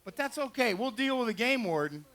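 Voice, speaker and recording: Guy running a retriever dog demo at a fair, jokey folksy commentary, highish voice, outdoors on a mic. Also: lively intonation, brisk, a bit bright. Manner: joking, folksy. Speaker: dog trainer and show host. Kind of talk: live demonstration commentary. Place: outdoor fair pond with dock. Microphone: handheld or headset mic.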